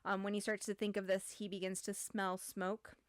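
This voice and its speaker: A woman's voice: mid-range voice, little pitch movement, normal speed, no echo. Chatty woman with a dry close sound. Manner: chatty, many "um"s and "like"s. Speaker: book club podcast host. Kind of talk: casual chat and book summary.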